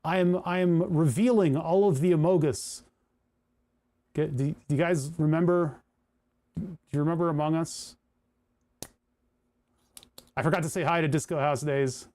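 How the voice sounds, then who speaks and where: A man's voice: a little high, moderate pace, long pauses, a little mellow. A man from New Jersey chatting casually on a live stream, rambling and chuckling as he thinks aloud while working on electronics. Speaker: livestreamer building electronics.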